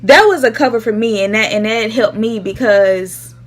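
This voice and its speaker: A woman's voice: a little high, normal speed. A young woman telling a casual storytime vlog, acting out the voices of the people she quotes. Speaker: vlogger.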